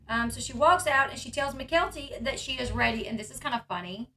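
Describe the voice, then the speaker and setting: A woman with a fairly high, bright voice talks briskly and forcefully. She's a vlogger reacting to a reality show, chatting casually and packing her commentary with "like" and "um."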